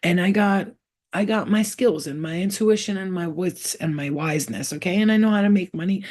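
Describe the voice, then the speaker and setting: A woman's voice: on the low side, brisk, a little mellow. A woman who works as a spiritual healer, speaking bluntly and with lots of swearing as she gives her viewers a casual pep talk. She talks straight to the listener and keeps repeating her points. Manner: blunt and profane, emphatic.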